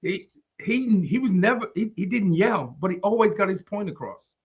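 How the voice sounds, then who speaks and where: Bright lively high-voiced man. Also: moderate pace, breathy edge. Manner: eager, stumbling restarts, laughing asides. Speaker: podcast co-host. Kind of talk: casual chat.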